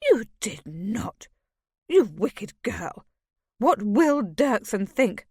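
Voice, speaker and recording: A woman voicing a fretful, shrill noblewoman mother in an audiobook. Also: very animated, drawn-out words, darkish tone, husky, no room sound, studio quality, exaggerated voice. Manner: fretful and shrieking. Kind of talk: audiobook character voice.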